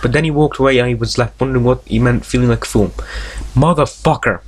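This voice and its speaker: A man's voice: medium pitch, fast. A man hosting a let's play, reading a visual novel aloud and breaking off into jokes, tangents and frequent swearing. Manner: reads story text aloud, stumbling over words.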